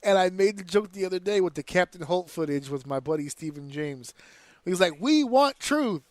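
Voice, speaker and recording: Podcast host, male, fairly high voice, dry close sound; heated and profane, talking in slang. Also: fairly even intonation, brisk, a little mellow, no echo. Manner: profane, heated opinionated rant; slips into slang and mimicked voices. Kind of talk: casual wrestling commentary.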